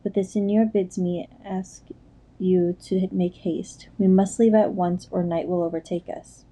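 Shaggy old woodsman guy, a woman reading him, low and apologetic, dark mellow sound. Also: fairly even intonation, measured pace, rough recording. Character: rugged older male woodsman, humble.

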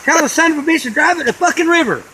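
Guy doing a foul-mouthed angry dad, yelling high, noisy outdoor clip. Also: animated, rapid-fire, exaggerated voice. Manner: yelling, cursing. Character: angry father of the boss, crude.

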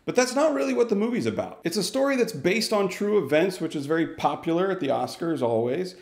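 A man's voice: fairly high pitch, very animated, fairly quick, few pauses, a little mellow. Chatty man reviewing movies. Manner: chatty, rambling, wry. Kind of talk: casual video review. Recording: echoey room.

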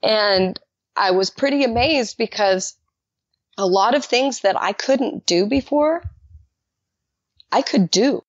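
A woman guest telling her personal faith testimony in an animated way, acting out the dialogue she quotes. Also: takes it slowly, long pauses, no room sound. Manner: animated, acts out quoted dialogue with jumps in pitch. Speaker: podcast guest. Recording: dull lo-fi dry recording.

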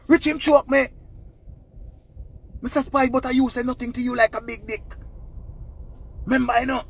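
A man with a Jamaican accent giving casual, animated gossip commentary in patois. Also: extremely high pitch, moderate pace, husky. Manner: animated, laughing, patois storytelling.

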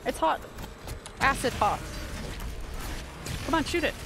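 A woman streamer giving live gameplay commentary, excitable, yelping and talking to herself as she plays. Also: high voice, slow pace. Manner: excitable, yelps and talks to herself while playing. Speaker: game streamer. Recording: steady background noise.

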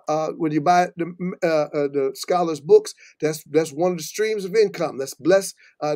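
A man's voice: fairly high pitch, warm tone, dry recording, clean studio sound. A man hosting a live-stream talk show in a folksy, preacherly manner, full of fillers and restarts. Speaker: host.

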